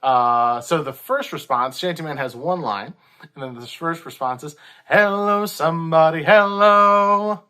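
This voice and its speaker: A man's voice: medium pitch, normal speed, sharp tone. A man co-hosting a sea shanty show, leading songs and explaining them in a hesitant, casual way. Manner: hesitant, many fillers, sings lead lines. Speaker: co-host singing sea shanties. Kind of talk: casual chat and shanty singing.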